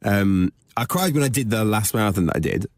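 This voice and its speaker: A man's voice: lowish voice, expressive, brisk, no room sound, studio quality. A man co-hosting a podcast, chatting earnestly and a little defensively, often stalling and restarting his sentences. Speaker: podcast co-host. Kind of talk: casual chat.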